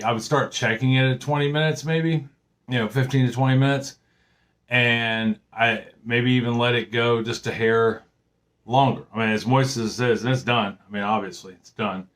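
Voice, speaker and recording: A man's voice: medium pitch, fairly bright tone. A middle-aged man chatting casually in a home baking vlog. He rambles in a friendly way, full of fillers and restarts. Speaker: home cooking vlogger. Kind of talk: casual chat.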